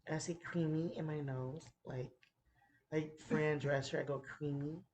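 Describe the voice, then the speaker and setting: Playful woman, very low voice. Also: steady tone, normal speed. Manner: playful, giggly, drops into soft whispers. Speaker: podcast host. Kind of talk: casual chat.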